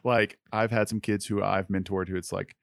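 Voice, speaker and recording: Low, gravelly man, relaxed and chatty. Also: moderate pace, no echo. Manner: relaxed and conversational, full of "like", trails off softly. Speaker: co-host, youth mentor. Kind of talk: faith-based podcast chat.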